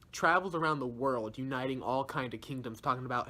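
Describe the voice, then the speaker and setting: A man's voice: medium pitch, a little fast, few pauses. Young man giving a slangy, laughing recap. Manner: slangy, laughs often, animated storytelling. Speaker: video reviewer. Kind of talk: casual plot recap.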